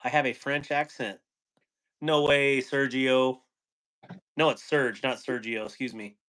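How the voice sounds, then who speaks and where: A man's voice: medium pitch, fairly even intonation, measured pace, a bit bright. Laid-back man hosting a live chat. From Wyoming. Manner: laughs often, reads comments aloud. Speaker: host. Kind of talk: casual livestream chat.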